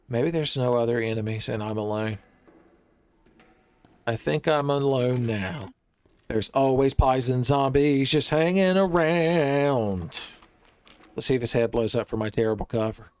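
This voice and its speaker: Playing a video game, this streamer riffs in a rambling, jokey way, sprinkling in silly wordplay and addressing viewers as "son." He speaks at a moderate pace with frequent pauses, his mid-range voice clean but darkish in tone.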